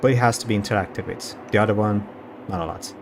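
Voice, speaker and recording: A man's voice: on the low side, quick pace, vocal fry, a little hiss or hum. A man streaming, reading a visual novel aloud and breaking off to comment on the characters. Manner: reads along, breaking off to comment on the cast.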